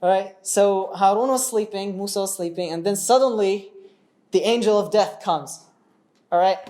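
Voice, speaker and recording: Chatty, animated male religious storyteller. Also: high voice, normal speed. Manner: animated, chatty, asks the audience questions. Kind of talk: casual religious storytelling lesson.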